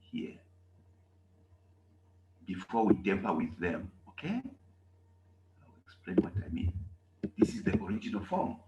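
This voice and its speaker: A man teaching a language class in a roomy, echoing space with a faint hiss behind him. He talks slowly and with a lively, swooping pitch, and he keeps checking in with his students. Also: lo-fi sound. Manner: repetitive, emphatic, asks "okay?" often. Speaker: German teacher. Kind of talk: classroom lesson.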